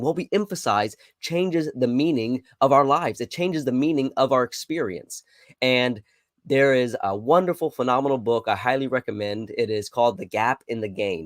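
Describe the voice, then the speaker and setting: An earnest man at a middle pitch delivers a short devotional podcast. He encourages his listeners and leans hard on the words he wants them to notice. His voice is close to the mic in a dry room. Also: no echo. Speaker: podcast host.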